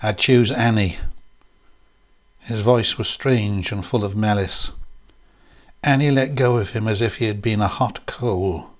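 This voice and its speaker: Man narrating a classic story, low voice, very slow, measured. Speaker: reader.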